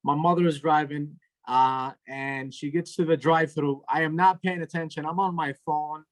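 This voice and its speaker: A young man performs stand-up over a video call, his voice sitting a little high for a man. He tells long stories about family in a dry, deadpan way, letting the punchlines land plainly. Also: moderate pace. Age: young adult. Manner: storytelling, deadpan, trailing into laughter. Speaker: stand-up comedian.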